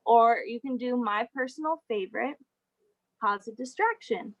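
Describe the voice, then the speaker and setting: On a muffled recording, a young woman with a fairly high voice talks at a normal speed. She's the guest speaker in a laid-back video-call presentation, chatting away with lots of laughter and filler words.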